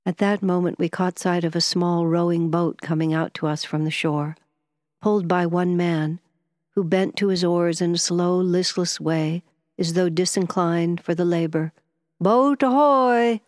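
With a voice on the low side, a woman narrates an audiobook in a measured, expressive way. The sound is clean studio quality with no room sound.

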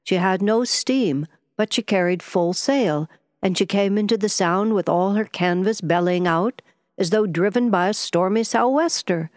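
A woman voicing a gruff older yacht captain who speaks in a stern, deliberate way, in audiobook narration. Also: medium pitch, darkish tone, no room sound, studio quality, close to an everyday voice. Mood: perplexed. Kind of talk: audiobook character voice.

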